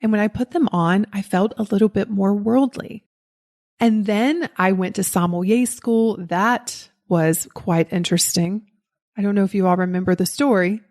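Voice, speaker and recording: A woman's voice: mid-range voice, moderate pace, a little mellow. A woman with a Southern US accent hosting a podcast, telling a personal story in a candid, self-deprecating way and laughing at herself. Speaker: podcast host.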